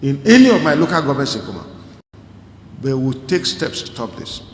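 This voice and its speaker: A man speaking as a state governor, giving a firm, deliberate public address. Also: medium pitch, sing-song, slight background noise. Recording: echoey hall clip with faint ambience.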